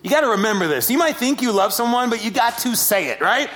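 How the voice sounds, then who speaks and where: A man preaching a sermon, telling stories with animated, self-deprecating humor. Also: very high-pitched, quick pace. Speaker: pastor.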